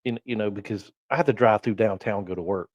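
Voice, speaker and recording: A man with a Southern drawl, a podcast guest, telling folksy anecdotes in relaxed, casual chat. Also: fairly low pitch, fast talker, dry recording, highs cut off.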